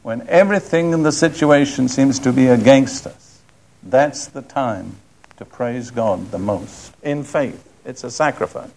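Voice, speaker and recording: An older man preaching a sermon, reading scripture in a slow, deliberate and emphatic way. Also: medium pitch, vocal fry, darkish tone.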